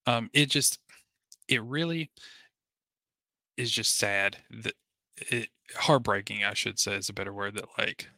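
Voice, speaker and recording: A man's voice: fairly low pitch, bright, forceful tone, dry recording. A man co-hosting a gaming podcast, talking casually and earnestly with many fillers and restarts. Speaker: podcast co-host. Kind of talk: casual chat.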